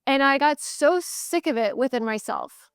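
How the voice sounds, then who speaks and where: A woman's voice: high-pitched, normal speed, no echo, studio quality. A woman host giving a candid, motivational solo talk, emphatic and repeating phrases in bursts. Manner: candid, swears casually. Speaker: sales coach podcast host.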